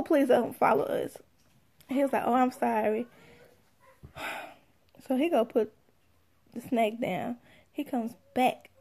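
Young woman, AAVE, high gravelly voice, sassy storyteller acting out quotes. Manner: animated, sassy, acts out quotes. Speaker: mother telling a story. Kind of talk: casual storytelling.

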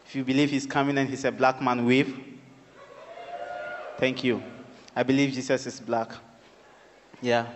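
A man's voice: mid-range voice, little pitch movement, measured pace, long pauses, a little hiss or hum. Ghanaian man doing stand-up in a hall. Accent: Ghanaian English. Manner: crowd-working, playful, switches between English and local phrases. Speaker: stand-up comedian. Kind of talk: stand-up comedy. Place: live venue with audience.

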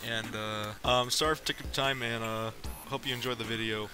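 Male gaming host, mid-pitched, rambling casual outro, loud music bed underneath. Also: steady tone, a little fast. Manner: rambling, hesitant, many fillers.

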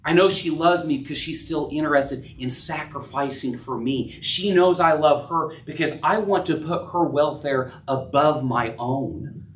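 A middle-aged man preaching a sermon as pastor, earnest, rising and dropping in pitch and loudness. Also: unhurried. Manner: earnest preaching, rises and drops in pitch and volume. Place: church sanctuary. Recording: echoey room, voice from a distance.

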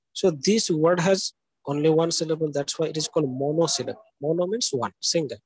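A man's voice: on the high side, husky, no room sound, poor audio. A man giving a live online literature lecture, checking in often with "okay" and "isn't that".

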